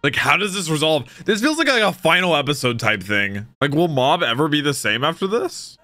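A man's voice: a little high, brisk, no room sound, soft background music. A young man giving casual, emotional commentary while reacting to an anime episode, often calling out "bro". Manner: excitable, emotional, says bro a lot.

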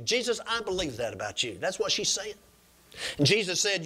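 Man, preacher, storytelling sermon, slightly high voice, calls for amens. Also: sing-song, normal speed, sharp tone.

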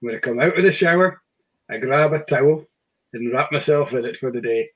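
A man's voice: medium pitch, brisk, a bit bright, muffled recording. A man hosting a casual whisky chat, talking with frequent "um"s and restarts. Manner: hesitant, many fillers and restarts. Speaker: whisky shop host.

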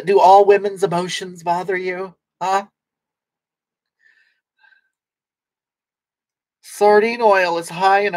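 Guy putting on a breathy middle-aged lady, crude and weepy, rambles and restarts, reading chat on a comic livestream. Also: high voice. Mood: indignant. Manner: rambling, halting, with frequent restarts. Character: brash, tearful, crude middle-aged woman. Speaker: livestream host reading comments.

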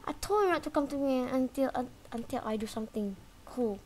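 A woman with a fairly high voice talks her way through a video game, calling out to the chaser and taunting it. She is animated and yelps at close calls. A faint hiss sits under the recording. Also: fairly quick. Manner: animated, talks trash to the game's chaser, sudden yelps and shrieks. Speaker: gaming video creator. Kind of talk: live gameplay commentary.

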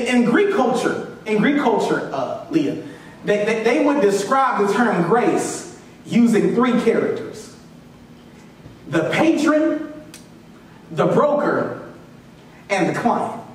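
Preaching in a church sanctuary, a pastor uses call-and-response, repeating lines and calling for the congregation's replies. His voice is extremely high-pitched. The rough recording, made from afar, is very echoey with a little hiss or hum.

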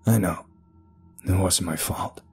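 A man's voice: low voice, slow, gravelly, darkish tone, breathy edge, soft background music, exaggerated voice. A man voicing a guilt-ridden male cave rescuer in a horror story, speaking hesitantly. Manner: hesitant, uncertain.

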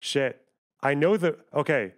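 A young man streaming live, arguing heatedly with his chat in a profane, rambling way. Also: a little high. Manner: profane, argumentative, rapid asides to chat. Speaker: livestreamer.

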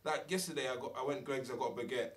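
A man's voice: mid-range voice, rapid-fire. Young father, easy slangy chat, mid-range voice, picked up from a distance. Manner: laid-back, slangy, animated when telling anecdotes. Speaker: podcast co-host, father. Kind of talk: casual group chat.

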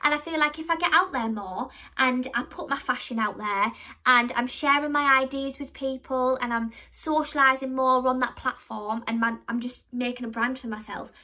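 A woman's voice: high-pitched, normal speed, pushed and bright. A young woman vlogging to camera in a chatty, rambling way, poking fun at herself as she tells stories. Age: young adult. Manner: chatty, rambling, self-mocking storyteller. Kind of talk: casual chat to camera.

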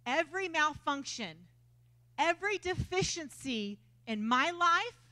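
Lady preaching, high bright voice jumping all over the place, funny storytelling. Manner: animated storytelling, self-mocking humor. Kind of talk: lively sermon. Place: church service.

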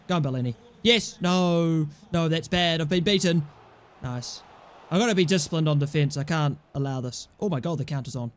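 A young man commentating his own football video game play, swinging from low mumbled asides to loud, shouted goal calls. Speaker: gaming YouTuber. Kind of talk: excitable gameplay commentary.

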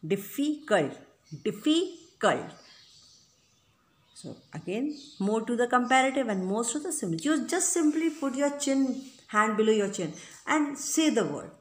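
A woman's voice: on the high side, expressive, moderate pace. Patient woman teaching grammar, echoey room. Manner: patient, repetitive, checks in with "right?" and "okay?". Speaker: English teacher. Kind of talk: grammar lesson explanation.

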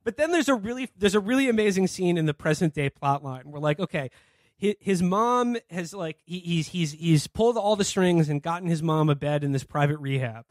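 A man's voice: a little high, expressive, fairly quick, no room sound, clean studio sound. A man co-hosting a casual comedy podcast, swearing freely, laughing, and acting out scenes as he retells them. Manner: profane, laughing, acts out quoted characters. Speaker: podcast co-host.

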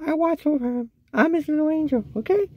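A man's voice: fast, lo-fi sound. A man voicing a bossy little girl kitten, a protective big sister, in a comic cat-video voiceover. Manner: squeaky, doting and bossy.

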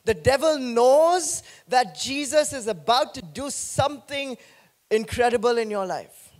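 High-voiced man preaching a sermon. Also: measured pace. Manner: animated, joking with the congregation. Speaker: pastor.

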